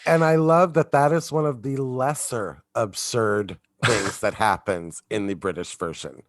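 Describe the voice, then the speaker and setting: A man's voice: mid-range voice, unhurried, no echo, clean studio sound. A man co-hosting a podcast in casual chat, laughing often and talking enthusiastically. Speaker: podcast co-host.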